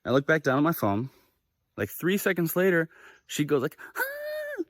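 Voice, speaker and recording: A young man telling a story in a casual vlog, animated and swearing freely as he acts out the quoted voices. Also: a little high, normal speed, dry recording, studio quality. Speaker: vlogger. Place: living in Japan.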